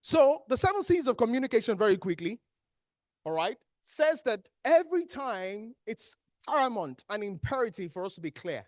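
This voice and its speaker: This is a Nigerian English trainer with a medium-pitched voice and a moderate pace, leading an interactive workshop in a training hall full of people. Animated throughout, the trainer asks the audience questions and answers them. The sound is dry and of studio quality.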